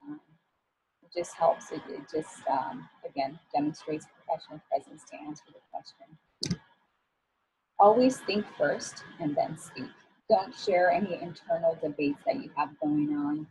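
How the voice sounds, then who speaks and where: A woman with a lowish, gravelly voice coaches listeners on workplace communication in a relaxed, encouraging talk. Her tone is mellow and dark, and she often pauses on fillers. Faint noise sits under the recording. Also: low-quality recording. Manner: casual and encouraging, with frequent fillers. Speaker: image coach. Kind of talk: professional development talk.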